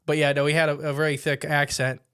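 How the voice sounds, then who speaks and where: A man co-hosting a podcast in casual chat, chiming in quickly over his partner. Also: on the high side, level tone, fairly bright tone, clear, resonant tone. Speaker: podcast co-host.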